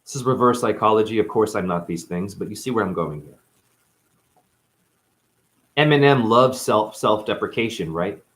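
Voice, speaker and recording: A man's voice: on the low side, moderate pace, pauses often. A man in chronic pain, giving a blunt, profane, rambling unscripted monologue on a live stream.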